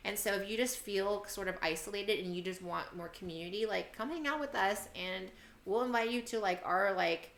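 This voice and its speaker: Brief: female podcast co-host, thirties, friendly and inviting, mid-pitched voice in a roomy, echoey space. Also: moderate pace, a bit bright. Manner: friendly, inviting, lots of fillers. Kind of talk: casual podcast chat.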